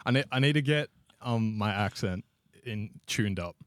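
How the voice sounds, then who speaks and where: A man's voice: on the low side, animated, normal speed, no room sound. An Australian man co-hosting a podcast, telling rambling jokes and laughing often in casual chat. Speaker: podcast co-host.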